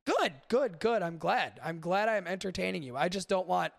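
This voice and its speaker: A man's voice: high voice, expressive, moderate pace, vocal fry, dry recording, clean studio sound. A man hosting a podcast in casual, rambling chat, swearing freely and talking to his live chat. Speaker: podcast host.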